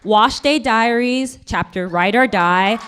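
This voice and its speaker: A woman's voice: fairly high pitch, slow pace, a bit bright, some chatter behind, a little hiss or hum. A woman giving a keynote on stage and presenting an award, laughing and stumbling over names. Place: stage at a live event.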